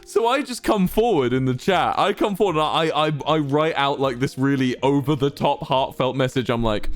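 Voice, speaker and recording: A man's voice: mid-range voice, normal speed, few pauses, soft background music. A young man, a streamer telling rambling, self-amused stories to his chat. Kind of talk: casual storytelling to chat.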